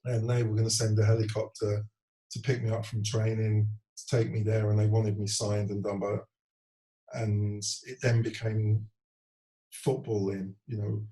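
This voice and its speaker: A man's voice: on the low side, moderate pace, rough recording. A former footballer in his forties, talking candidly in an interview and retelling events earnestly, often acting out what others said. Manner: earnest, animated retelling with quoted voices.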